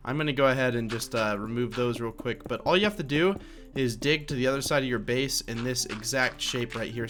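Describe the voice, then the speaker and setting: A man's voice: medium pitch, fairly bright tone. A young man narrating a game building tutorial in a rambling, chatty way, with lots of fillers and self-corrections. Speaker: Minecraft tutorial creator. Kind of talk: casual game tutorial voice-over.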